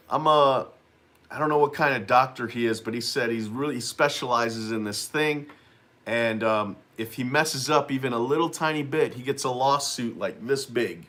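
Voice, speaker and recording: An ordinary mid-pitched man running his own lawn care business tells a long story in a loose, unscripted way. He doubles back on phrases and leans on "you know what I mean" as he goes. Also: sharp tone. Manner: rambling, repeats himself, frequent "you know what I mean". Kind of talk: casual storytelling to camera.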